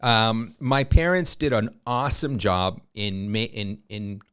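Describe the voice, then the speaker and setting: A realtor in his fifties, appearing as a podcast guest, tells lively, colloquial anecdotes packed with fillers. His voice sits fairly low and sounds clean, and he speaks at an unhurried pace.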